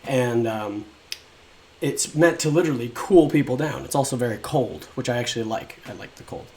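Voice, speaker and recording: A man's voice: mid-range voice, moderate pace, a little mellow. A young man casually telling his own life story, rambling and frank, swearing often and acting out what people said.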